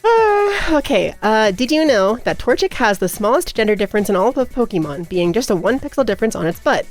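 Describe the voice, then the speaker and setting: A woman's voice: medium pitch, very animated, a little fast, few pauses, soft background music. A woman chatting casually on a livestream, giggly and playful. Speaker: streamer.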